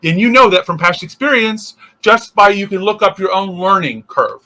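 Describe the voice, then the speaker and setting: A man's voice: sits high, expressive, moderate pace, sharp tone. A male interfaith minister giving a casual spiritual teaching, thinking aloud with restarts and acting out inner voices.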